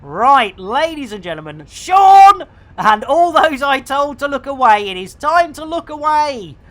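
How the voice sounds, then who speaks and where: A man's voice: extremely high pitch, big pitch swings, measured pace, fairly bright tone. A man giving playful, theatrical commentary on a live game stream. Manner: jokey, theatrical, lots of pet phrases.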